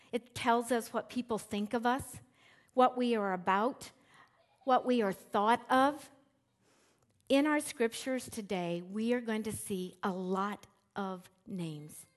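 A middle-aged woman preaching a sermon in a church. She talks in a relaxed, conversational way and acts out the lines she reads with shifting emphasis. Her voice sits at an ordinary pitch for a woman. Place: church sanctuary with screens.

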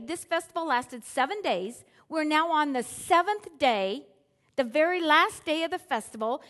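A middle-aged woman preaching a sermon, telling the story in a lively way and acting out chants and voices. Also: sits high. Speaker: pastor.

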